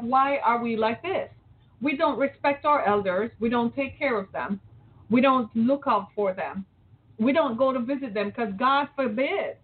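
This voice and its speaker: This middle-aged talk show host from Metro Detroit, Michigan, speaks on the high side, with a faint hiss or hum under her voice. She's giving a fired-up opinion monologue full of rhetorical questions, and the sound is thin and tinny, like a phone line.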